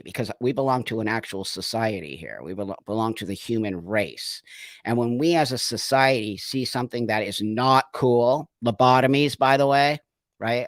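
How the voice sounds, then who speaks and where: A man in his sixties hosts a live stream in a medium-pitched voice, with no echo on the sound. He talks emphatically and conversationally, reads out viewers' comments, acts out the voices he quotes and laughs.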